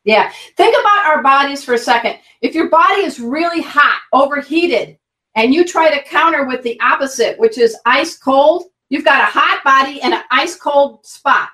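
High-voiced, lively pet first aid teacher woman. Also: normal speed, distant mic. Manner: energetic, vivid, instructive, folksy. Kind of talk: guest expert in an online interview. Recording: roomy, a bit off-mic.

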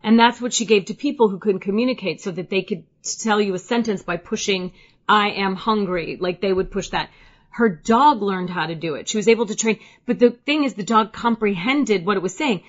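A woman host tells everyday stories with lively, expressive energy. Her voice sits at a middle pitch. The recording has a dull, lo-fi quality. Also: fairly quick. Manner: animated storyteller, lively and expressive. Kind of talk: casual chat.

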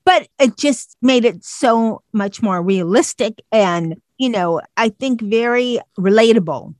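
A woman's voice: on the high side, expressive, measured pace, darkish tone, dry recording, studio quality. A woman interviewing a guest, rambling through loose sentences full of "you know" and restarts. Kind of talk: casual interview chat.

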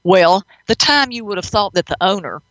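A woman hosting a radio show as a pet psychic, telling her stories in a chatty, animated manner. Her voice is bright and forceful, recorded dry with a slightly dull, lo-fi radio sound. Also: medium pitch, normal speed, no room sound. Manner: animated, chatty, matter-of-fact. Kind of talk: radio storytelling.

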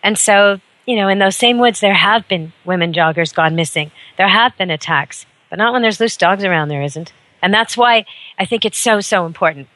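A woman radio host delivering an emphatic, indignant talk radio monologue from a studio mic. Her voice is bright and forceful, and the sound is dry and close. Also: mid-range voice, normal speed, dry recording.

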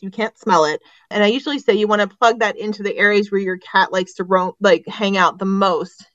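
A woman's voice: mid-range voice, dry recording, dull audio. A woman veterinarian guest on a podcast, explaining and giving advice informally. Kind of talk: casual interview chat.

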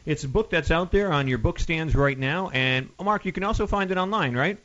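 A man's voice: a little high, fairly quick, fairly bright tone, dull audio. A male radio host interviewing a guest, joking and laughing often.

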